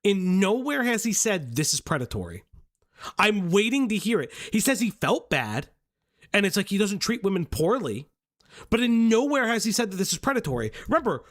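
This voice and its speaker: A young man hosting a livestream, reacting with exasperated, profane commentary and shouting at his chat. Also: sits high. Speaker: stream host.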